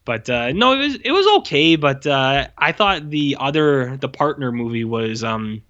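Casual male podcast host, rambling and laid-back, bright edge, lo-fi recording. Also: medium pitch, animated, moderate pace. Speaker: podcast host reviewing movies. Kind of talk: casual chat.

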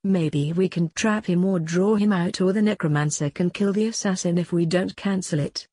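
A woman reading the part of an eager young male superhero in a storybook, quick to suggest plans. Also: high voice, mellow, no room sound.

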